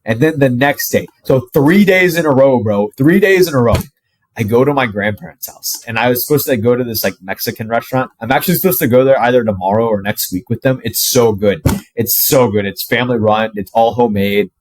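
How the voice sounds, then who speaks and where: A man's voice: medium pitch, brisk, slight background noise. A man in his twenties telling a personal story to camera, casual and profane, with constant fillers like "like". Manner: profane, animated, heavy use of "like". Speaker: fitness coach.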